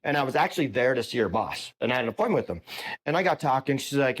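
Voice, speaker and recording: A man's voice: mid-range voice, expressive, racing. A man hosting a podcast interview, telling a long story with lots of restarts and repeated words. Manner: rambling storyteller with many restarts. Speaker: podcast host. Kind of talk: casual interview conversation.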